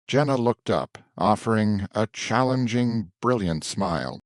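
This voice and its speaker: A man narrating a scripted story in an even, descriptive manner. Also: on the low side, measured pace, hardly any pauses, dry recording, studio quality.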